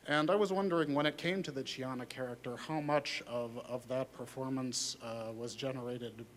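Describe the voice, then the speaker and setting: A man's voice: mid-range voice, steady tone, moderate pace. A man from Minnesota in the audience, asking a long, hesitant question in formal phrasing. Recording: faint background noise.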